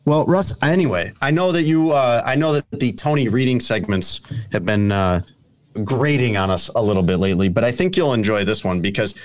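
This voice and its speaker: A man hosting a casual sports talk show, dry and teasing, often pausing with hesitant uhs as he reads out stories. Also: medium pitch, lively intonation. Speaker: show host.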